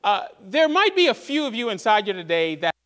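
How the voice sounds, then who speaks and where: Male pastor, high voice, earnest sermon, loud then hushed, church. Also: sing-song, a little fast, smooth.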